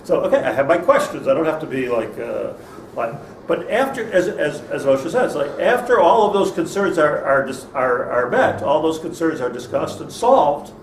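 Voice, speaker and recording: A man's voice: a little high, animated, moderate pace. A man, a rabbi, teaching an interactive class, thinking aloud and questioning his students with many restarts. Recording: echoey room, far from mic, faint noise.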